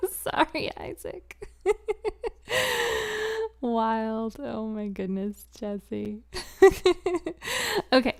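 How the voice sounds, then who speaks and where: A woman chatting casually on a live stream, answering viewer questions. She speaks softly, drifts into whispers, giggles often, and fills her talk with "um" and "like.". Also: a little high, animated, extremely slow, creaky, long pauses, clear, resonant tone, dry recording, studio quality. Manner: soft-spoken, drifts into whispers, many "um" and "like" fillers, giggly.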